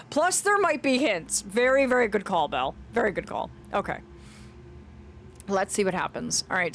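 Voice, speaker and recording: A woman streaming a game, chatting playfully with her viewers and reading in-game journals aloud in a soft storytelling voice. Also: mid-range voice, slight background noise. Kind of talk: gameplay commentary with a read-aloud journal.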